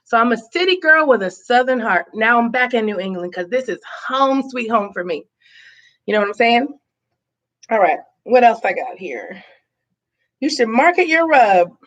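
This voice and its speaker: A woman's voice: on the high side, lively intonation, moderate pace, fairly bright tone, dull audio. Bubbly woman chatting live from her living room. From born in Boston, raised in Tampa, Florida, US. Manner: chatty and bubbly, laughing often, with many fillers. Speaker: live-stream host. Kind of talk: casual live-stream chat, reading and answering viewer comments.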